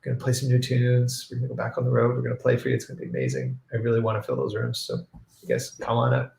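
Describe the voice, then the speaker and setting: A man hosting a casual livestream, relaxed and reading viewer questions aloud. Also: medium pitch, racing, vocal fry, roomy sound. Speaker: band member hosting a livestream.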